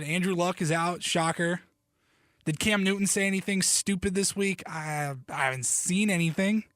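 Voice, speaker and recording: A man talking on his solo sports podcast in a bright, high-pitched voice. He rambles in a joking, animated way, drops the odd curse and keeps cutting himself off to restart. The recording is close and dry, with no room sound. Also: no room sound. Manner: animated, joking, loose and profane; self-interrupting, restarts sentences. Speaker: podcast host.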